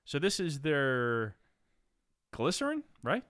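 Guy hosting a beer tasting, smooth lowish voice, dry close sound, jokey and rambly. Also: lively intonation, brisk, a bit bright, no room sound. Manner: rambling, joking, lots of fillers and restarts. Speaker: podcast host. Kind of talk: casual beer-tasting chat. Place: room in New Jersey.

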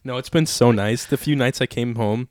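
A man's voice: medium pitch, normal speed, dry recording, studio quality. A young man hosting a casual chat from a home basement, loose and joking, swearing often.

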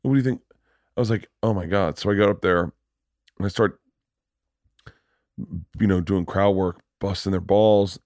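A male comedian hosts a podcast and tells rowdy, swearing stories with lots of energy. His voice sits on the low side. The recording is close-miked and dry. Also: moderate pace, pauses often, no echo. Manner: rowdy, animated anecdotes with profanity. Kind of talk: casual podcast chat.

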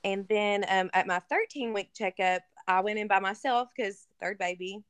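In a dry recording, a Kentucky woman speaks as an interview guest, her mid-range voice clear, resonant and a bit bright at a normal pace. She recounts an emotional personal story casually and earnestly, full of fillers.

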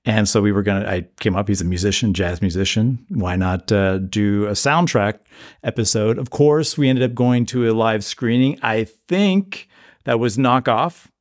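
A man co-hosting a podcast in casual chat, halting with many restarts. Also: on the low side. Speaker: podcast co-host.

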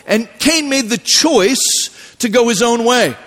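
A man preaching a sermon as pastor, telling stories in a relaxed, conversational way with animated voiced asides. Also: extremely high pitch, measured pace. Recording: long hall reverb.

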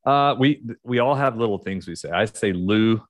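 Middle-aged guy w/ an oklahoma accent, lowish voice, dry close mic, rambles and restarts a lot. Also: animated, moderate pace, no echo. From United States. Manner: rambling, many fillers and restarts. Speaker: podcast guest, leadership author. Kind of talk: casual interview storytelling.

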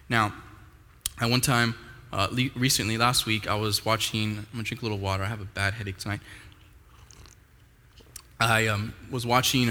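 A man's voice: on the low side, fairly bright tone. A man preaching a sermon to a live audience, casual and talking straight to the crowd with frequent questions. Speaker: pastor. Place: large room with a live audience. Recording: echoey hall.

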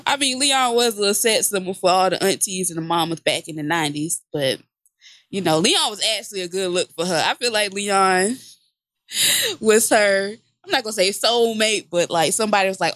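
Woman, podcast co-host, casual gossip, loud and laughing, dry close sound. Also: medium pitch, moderate pace, no room sound. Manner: loud, laughs often, breaks into impressions. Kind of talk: casual comedic gossip chat.

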